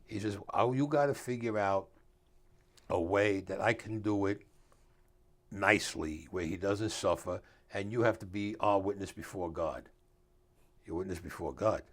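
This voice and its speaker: A man's voice: deep voice, moderate pace, pauses often. An older man, telling stories in a casual interview and acting out the dialogue in a streetwise way. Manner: streetwise storyteller, acts out dialogue, drops grammar. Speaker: author and guest.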